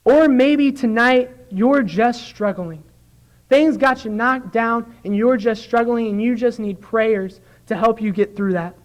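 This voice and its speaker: Casting: young male church speaker, very high voice, earnest, delivering a sermon. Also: unhurried, low-quality recording. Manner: earnest, acts out quoted dialogue. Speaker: church speaker giving the lesson. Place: church sanctuary.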